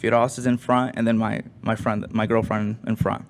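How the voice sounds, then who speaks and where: A young man on a show's crew telling a rambling story in a casual, animated way, with lots of fillers. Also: lowish voice, moderate pace, gravelly, a little hiss or hum. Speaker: crew member.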